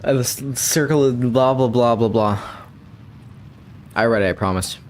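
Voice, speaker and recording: A young man giving rambling, playful gameplay commentary, with bursts of excitement when things go his way. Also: medium pitch, moderate pace, a little hiss or hum. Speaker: gamer.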